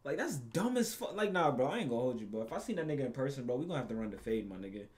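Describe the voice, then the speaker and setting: Profane, excitable man reacting to a game. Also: medium pitch, racing. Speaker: gaming channel host. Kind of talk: casual gameplay commentary.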